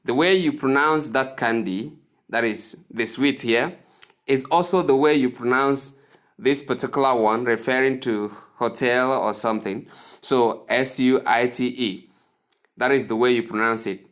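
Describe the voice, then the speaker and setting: A man with a Nigerian English accent teaching pronunciation in a formal, deliberate way, repeating words to contrast right and wrong forms. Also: medium pitch, fairly bright tone. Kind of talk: slow deliberate pronunciation lesson.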